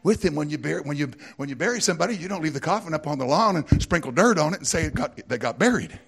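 A man with a Southern US twang preaching a lively sermon, laughing often and swinging from shouts to hushed asides. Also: a little high, fast, vocal fry, breathy edge. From American South.

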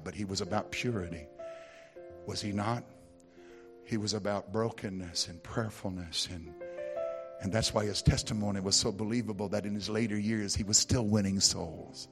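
An American middle-aged man preaching a sermon, telling folksy stories and rising into loud, emphatic preaching. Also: lowish voice, fairly even intonation, moderate pace. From United States. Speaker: pastor. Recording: music playing behind.

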